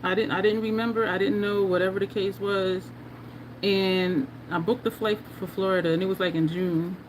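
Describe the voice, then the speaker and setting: A woman's voice: mid-range voice, steady tone, normal speed, slight background noise. A woman from New Jersey with a New Jersey and New York accent, chatting casually with viewers while doing her makeup on a livestream and laughing often.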